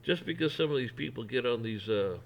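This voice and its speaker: A man's voice: mid-range voice, animated, a little fast, gravelly, a little hiss or hum, low-quality recording. A man ranting on a vlog in a folksy, rambling, blunt way. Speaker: vlogger. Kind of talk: opinion rant.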